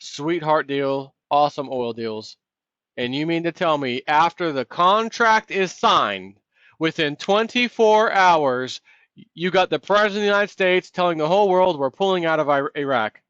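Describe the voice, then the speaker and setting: A man's voice: fairly high pitch, moderate pace, a bit bright, smooth, dry recording. Ranting, sarcastic man with a raised voice. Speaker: vlog host. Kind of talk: political commentary rant. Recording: dull, lo-fi, dry.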